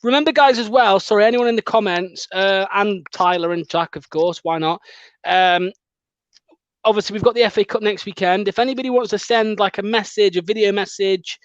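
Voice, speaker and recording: A chatty man with a fairly high voice hosts a fan show over a call. His talk is quick and upbeat, broken up by laughter. The audio is dull, lo-fi and dry, with no room sound. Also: dry recording. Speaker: fan channel host. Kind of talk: casual live-stream chat.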